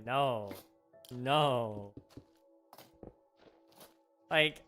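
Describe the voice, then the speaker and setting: A young man chatting casually with viewers during a live game stream, talking through pauses with fillers. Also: medium pitch, sharp tone. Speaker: livestreamer. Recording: faint background music.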